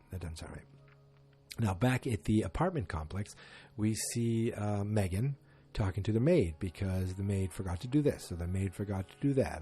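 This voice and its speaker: Male podcast host, lowish voice, rambling casual recap delivery. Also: warm tone, breathy edge. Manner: rambling, loose and chatty with frequent restarts. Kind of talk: casual solo episode recap.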